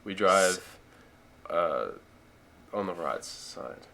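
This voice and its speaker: A young Australian man with a very low voice talks in a relaxed, rambling way, full of fillers and restarts. His tone is bright and forceful despite the depth. He speaks as a guest in a casual interview chat. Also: drawn-out words, vocal fry. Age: young adult. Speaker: guest, college football player.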